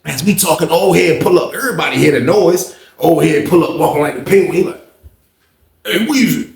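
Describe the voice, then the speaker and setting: A man telling a story in a casual, animated, profane way, full of repetition. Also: on the high side, quick pace, vocal fry, reverberant.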